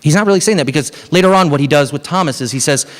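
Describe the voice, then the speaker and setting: Earnest male pastor preaching with animated storytelling. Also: a little high, rapid-fire. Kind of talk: Easter sermon.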